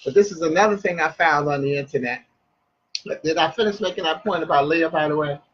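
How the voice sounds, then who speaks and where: A man's voice: fairly high pitch, brisk, dull audio. A man hosting a broadcast, reading a story aloud with chatty asides and stumbling restarts. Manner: chatty, loses his place and restarts.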